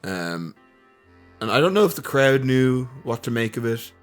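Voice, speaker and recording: A man's voice: mid-range voice, big pitch swings, moderate pace, faint music behind. An Irish man co-hosting a podcast, talking in a loose, rambling way with lots of quoting. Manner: rambling, hesitant, quotes others a lot. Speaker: podcast co-host. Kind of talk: casual chat.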